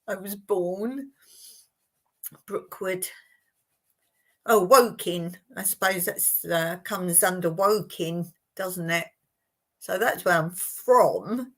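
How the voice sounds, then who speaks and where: Slow-talking southern English woman. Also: lowish voice, a bit bright. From Surrey, England. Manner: chatty, repeats words, laughs often. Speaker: livestream host. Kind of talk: casual live-stream chat.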